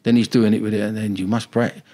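A man's voice: lowish voice, little pitch movement, fast, dark tone. An older man, a former football manager, telling rambling anecdotes in a casual interview.

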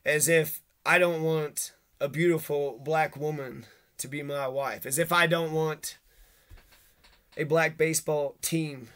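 Though his intonation stays fairly even and his pace measured, this vlogger's rant to camera is angry and profane. His slightly high voice is a bit bright, clear and resonant, and he accuses people one after another while swearing constantly.

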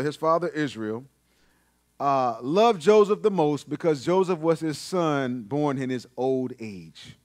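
A man preaching a sermon as pastor, animated and emphatic, repeating his phrases for stress, in a church sanctuary. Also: on the high side, no echo, studio quality.

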